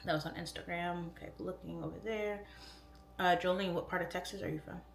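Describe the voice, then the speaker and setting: A woman's voice: on the low side, steady tone, a little fast, creaky, echoey room, a little hiss or hum. A woman in her thirties chatting casually on a livestream, reading comments aloud, goofy and easily distracted. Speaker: livestream host and real estate agent. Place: home.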